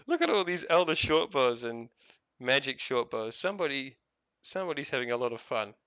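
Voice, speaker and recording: This gaming streamer, an adult man long married, swears freely through his casual, rambling chat as he plays. He speaks at medium pitch and a moderate pace in a sing-song, pushed, bright voice, with no room sound and the highs cut off.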